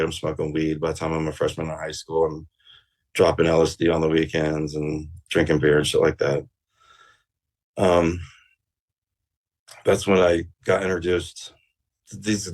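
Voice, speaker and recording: Man, very low voice, casual storytelling, profane, rambling. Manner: rambling and profane, with many fillers. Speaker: interview guest.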